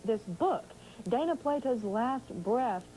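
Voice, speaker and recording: A woman TV news anchor introducing a story and questioning guests in a measured, composed way. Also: a little high, animated, warm tone, a little hiss or hum, rough recording. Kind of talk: news presenting and live interview.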